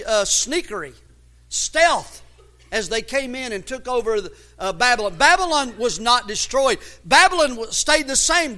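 Through repeated words while reaching for his next line, a pastor with an extremely high-pitched voice works his sermon up into loud, emphatic bursts.

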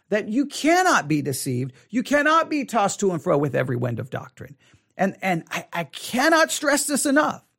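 A man teaching a Bible study, reading scripture aloud and then explaining it with emphatic repetition, slowing down to stress his points. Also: high-pitched. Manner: emphatic, repeats key words, slows down to stress points.

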